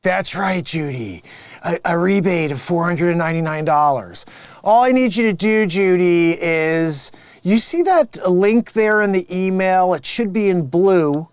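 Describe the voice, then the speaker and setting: A man's voice: high-pitched, measured pace, clean tone, no room sound. A man improvising a sleazy, smug phone scammer boss who mocks his coworkers and cons callers. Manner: smug, mocking, laughing at his own lines. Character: sleazy male phone scammer boss posing as tech rebate agent. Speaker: improv comedian. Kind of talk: improvised comedy sketch.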